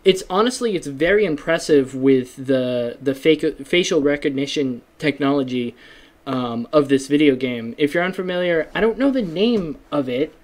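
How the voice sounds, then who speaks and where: A man's voice: a little high, lively intonation, normal speed. A man hosting a solo podcast in a rambling, self-deprecating casual chat, with many fillers and restarts. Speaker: podcast host.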